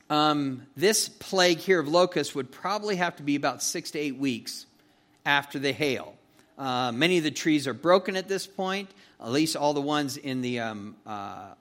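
A pastor giving a conversational verse-by-verse sermon in a folksy, chatty way, often checking in with "okay?" and "you know". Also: male voice, mid-range voice, normal speed, fairly bright tone. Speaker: pastor teaching a Bible study.

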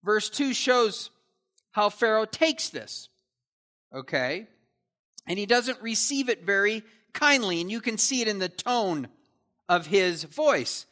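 A man's voice: high voice, very animated, slow pace, pushed and bright. A man teaching through a Bible passage verse by verse, with casual asides that check in with his listeners.

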